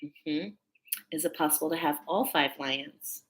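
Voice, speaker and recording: A woman's voice: low voice, steady tone, unhurried. A woman hosting a live stream as a spiritual reader, chatting casually and spontaneously, thinking aloud and laughing often.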